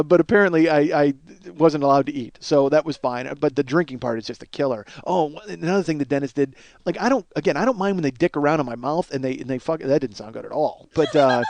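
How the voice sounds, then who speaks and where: A man in his forties, a podcast host telling a comedic story in a casual, animated way, swearing and laughing along. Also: on the high side, no room sound. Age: 40s.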